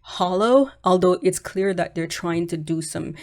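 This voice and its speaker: A woman's voice: lowish voice, a little slow, a little mellow. Frank, hesitant woman vlogger. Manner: hesitant, many fillers and restarts, frank. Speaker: channel host. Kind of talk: casual opinion commentary.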